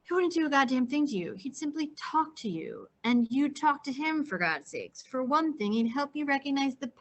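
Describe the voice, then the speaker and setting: A woman's voice: sits high, sing-song, normal speed, a little hiss or hum, pitched above the performer's own voice. Woman reading as a curt, condescending young man. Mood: dismissive. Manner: curt, dismissive. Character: condescending, impatient young man, know-it-all. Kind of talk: reading a novel aloud.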